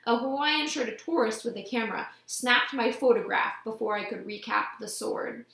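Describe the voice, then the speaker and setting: A woman reading a novel aloud with lively, expressive storytelling, recorded in an echoey room. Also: a little high, normal speed, vocal fry. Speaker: audiobook reader.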